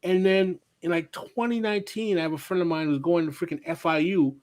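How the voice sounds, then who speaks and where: A man in a casual podcast chat, telling anecdotes with animated asides. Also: high voice, fairly quick.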